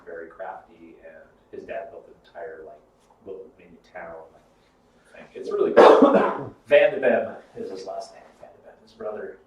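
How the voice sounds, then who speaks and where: A man's voice: low voice, expressive, moderate pace, muffled recording. Rambling man in an echoey room. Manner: rambling, swears freely. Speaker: podcast co-host. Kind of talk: casual chat. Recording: echoey room, mic far off.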